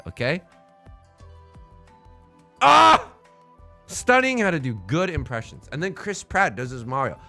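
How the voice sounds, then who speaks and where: A man streaming a game and chatting casually with his viewers in a playful, self-mocking way. His voice sits slightly high and sounds bright and forceful, with wide, lively swings in pitch. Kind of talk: casual live-stream gaming commentary.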